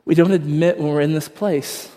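Pastor in a reverberant church hall. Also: male voice, on the high side, steady tone, normal speed, warm tone. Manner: conversational, self-deprecating storytelling with many fillers. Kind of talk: sermon.

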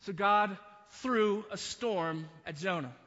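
High bright pastor in a hall. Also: male voice, slow pace, highs cut off. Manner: storytelling with frequent restarts and asides. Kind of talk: sermon.

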